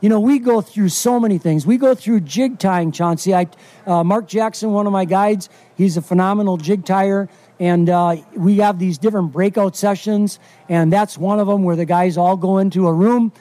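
A middle-aged man from Wisconsin talks as a fishing guide in a casual radio interview. His voice sits high but sounds mellow and warm. He is folksy and eager, with plenty of fillers. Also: fairly even intonation, moderate pace, dry recording. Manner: enthusiastic, folksy, lots of fillers.

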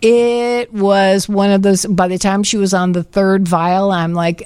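A woman co-hosting a radio show, telling a personal story in casual chat with animated delivery. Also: medium pitch, unhurried, hardly any pauses, clear, resonant tone, no echo. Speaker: radio co-host.

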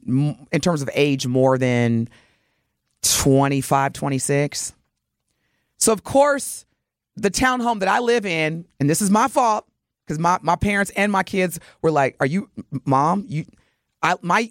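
A woman's voice: sits low, no room sound, clean studio sound. A middle-aged woman co-hosting a casual radio talk show, reading listener texts aloud and telling stories with lots of laughter. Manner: animated storyteller, reads listener texts, laughs often. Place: radio studio.

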